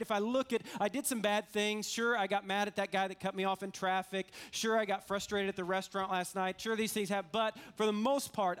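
High-voiced man preaching earnestly. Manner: earnest, repetitive, builds up and drops down. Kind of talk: live sermon.

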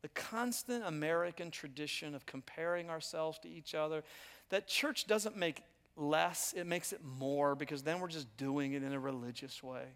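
A man's voice: a little high, moderate pace, a bit bright, clear, resonant tone, long reverb tail. A pastor in his fifties preaching a sermon, talking directly to his congregation in a conversational, self-mocking way. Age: 50s. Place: church auditorium.

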